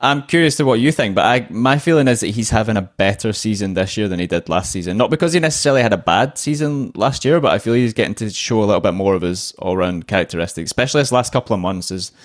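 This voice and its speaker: A quick-talking man with a somewhat low voice hosts a relaxed football discussion. He chats easily and turns to his guests with questions. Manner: chatty, asks guests questions. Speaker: podcast host.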